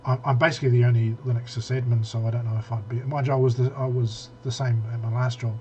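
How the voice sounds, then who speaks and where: A man's voice: medium pitch, little pitch movement, fast, a little mellow, dull audio, a little hiss or hum. A man co-hosting a casual tech podcast, rambling with many restarts and fillers. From New Zealand. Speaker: podcast co-host.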